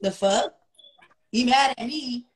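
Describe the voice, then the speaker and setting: A woman's voice: fairly high pitch, slow pace, reverberant. A woman ranting in angry, defiant casual talk, swearing constantly.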